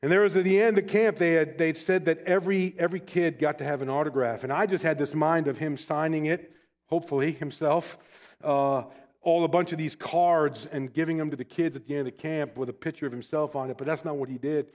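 A man preaching a sermon. He opens with a personal story told with frequent restarts, then builds to fervent, slowly stressed preaching. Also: a little high, steady tone, a little mellow. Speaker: pastor. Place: church.

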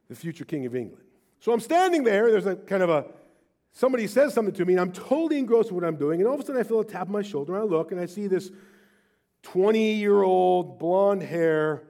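A middle-aged man preaching with a fairly high voice. He tells stories in an animated, emphatic way, leaning hard on key words. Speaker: pastor. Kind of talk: sermon.

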